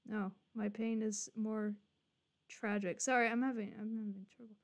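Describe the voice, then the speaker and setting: A woman's voice: mid-range voice, level tone, moderate pace. A young woman streaming a game live, chatting and swearing casually to her viewers as she plays. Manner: swearing, chatty, joking to chat.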